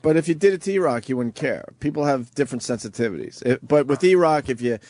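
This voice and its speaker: A man's voice: mid-range voice, animated, quick pace, a little mellow, no room sound. A man hosting a radio talk show, talking in blunt, profane, mocking banter.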